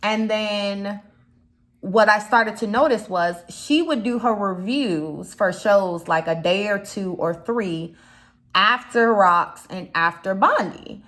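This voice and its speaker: A woman's voice: medium pitch, takes it slowly, fairly bright tone. A young woman from Chicago with a slight Chicago accent, talking casually in a rambling commentary vlog, full of fillers and asides. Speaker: YouTube commentator.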